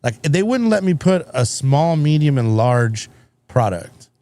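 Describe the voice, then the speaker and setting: A man's voice: a little high, sing-song, unhurried, dark tone. A man in his forties hosting a casual chat, telling loose, profane stories and acting out what others said. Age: 40s. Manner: loose, profane storytelling with voiced quotes. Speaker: podcast host.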